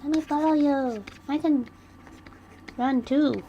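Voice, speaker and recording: A woman voicing a bubbly, clingy young male swimmer who talks in a high, excited, pleading way. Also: takes it slowly, lo-fi sound, slight background noise. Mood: giddy, pushy.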